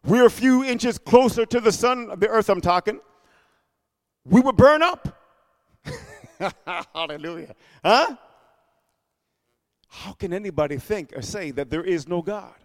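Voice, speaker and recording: A man preaching a sermon, calling for responses from the congregation and punching key words loudly. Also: high-pitched, lively intonation, measured pace, long pauses, big-room sound. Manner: call-and-response, loud bursts on key words.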